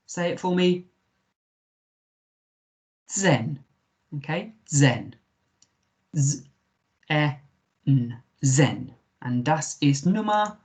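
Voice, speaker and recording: Speaking on the high side, a male primary teacher with an English accent records a remote lesson, carefully breaking words down letter by letter with patience.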